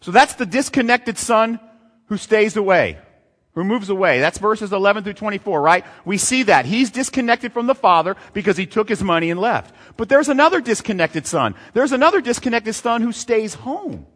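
A male pastor preaching a sermon, animated, reading scripture and throwing out rhetorical questions, recorded in a large hall or church. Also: high-pitched, normal speed. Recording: long hall reverb.

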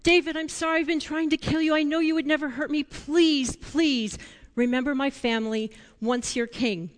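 A man's voice: extremely high pitch, fairly even intonation, moderate pace. A woman voicing a remorseful king who begs forgiveness in a tearful, pleading way, in a children's Bible story told in an echoey church.

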